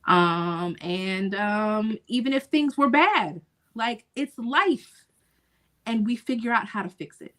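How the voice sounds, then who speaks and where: A woman co-hosting a podcast, speaking in an earnest, reflective way with frequent thoughtful pauses. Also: fairly high pitch, animated, a bit bright. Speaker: podcast co-host. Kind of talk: casual podcast conversation.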